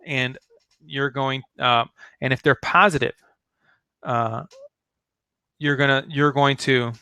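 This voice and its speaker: A man's voice: medium pitch, steady tone, slow pace, bright, forceful tone, clear, resonant tone, no echo. A man giving a casual sales training talk, chatty and full of fillers, acting out sample phone lines. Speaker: network marketing trainer.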